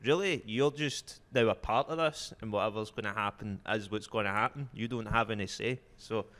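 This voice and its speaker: A man's voice: on the low side, normal speed, fairly bright tone. A man with a Glaswegian accent, a comedian guest on a podcast, telling a story in a laid-back, sweary way and laughing through his punchlines.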